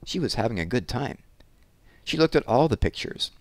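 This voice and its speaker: A man narrating a children's novel in a measured, expressive storybook style. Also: medium pitch, dry recording. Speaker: audiobook narrator.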